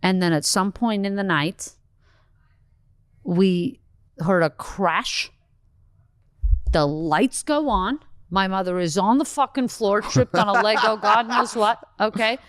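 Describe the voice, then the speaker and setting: A woman from Canada, a comedian guest, telling a story in a lively, swearing, casual podcast chat. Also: medium pitch, no room sound. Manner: animated storytelling, swearing, quick asides.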